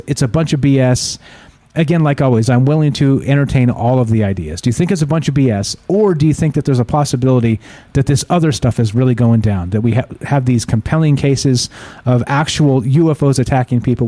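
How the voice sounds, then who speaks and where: A man's voice: mid-range voice, dark tone, dry recording. Rambling male call-in show host. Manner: rambling, hesitant, chuckling, full of fillers and restarts. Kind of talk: casual call-in show talk.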